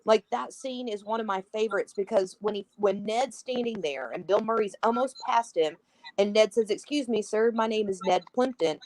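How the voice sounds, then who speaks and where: Woman on a podcast gushing about a movie, does little voices for the quotes, mid pitch. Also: normal speed, no echo, poor audio. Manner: animated, acts out quoted lines. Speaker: podcast guest. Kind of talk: casual film discussion.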